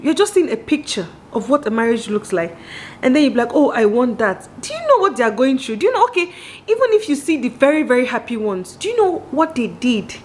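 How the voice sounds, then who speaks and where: A woman in her thirties with a Nigerian accent, giving a candid, animated monologue on marriage straight to her viewers and acting out the voices she quotes. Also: high voice, a little hiss or hum. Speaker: vlogger.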